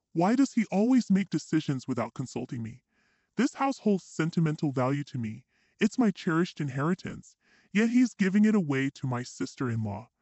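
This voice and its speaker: Man, scripted story narration, dramatic, animated pitch, somewhat high voice. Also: no echo, highs cut off.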